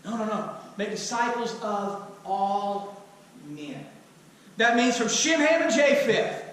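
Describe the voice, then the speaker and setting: A man's voice: very high voice, fairly bright tone. A man preaching a sermon as pastor, firing rhetorical questions with touches of humor. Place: church sanctuary. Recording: echoey hall, mic at a distance.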